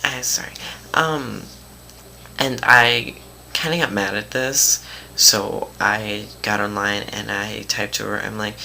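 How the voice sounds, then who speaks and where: Teenage boy, casual vlog, dramatic storytelling, mocking quotes, gravelly fry, faint hiss. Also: fairly low pitch, steady tone, slow, sharp tone.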